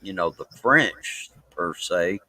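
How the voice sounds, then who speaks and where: A man with a Southern Mississippi accent, answering interview questions in a relaxed, halting way with lots of fillers. His voice sits fairly low and sounds dry and close to the mic, with no room around it. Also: dry recording, rough recording. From Mississippi, USA. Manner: halting, many fillers and restarts. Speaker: interview guest. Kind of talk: casual live-stream interview.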